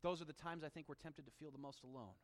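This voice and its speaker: Animated and high-voiced, a male pastor moves quickly through a sermon, alternating forceful scripture reading with quiet, intimate asides. A long reverb fills the space.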